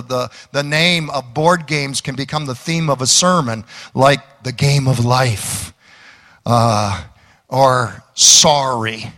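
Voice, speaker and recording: Man, pastor, sermon, folksy, emphatic, slow, long hall echo. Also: mid-range voice, bright, forceful tone. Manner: folksy preaching with jokes and emphatic calls.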